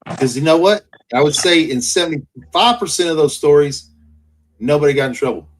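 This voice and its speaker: A man's voice: a little high, expressive, fairly quick, a little hiss or hum. A man in casual chat, ranting heatedly with constant profanity.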